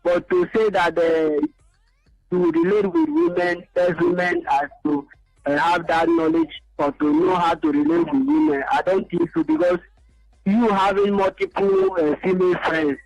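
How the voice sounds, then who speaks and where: A man's voice: high voice, moderate pace, vocal fry, darkish tone, no room sound, soft background music. A man calling into a radio show by phone, hesitant and searching for words. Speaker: caller. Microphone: phone call. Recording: dull lo-fi phone line.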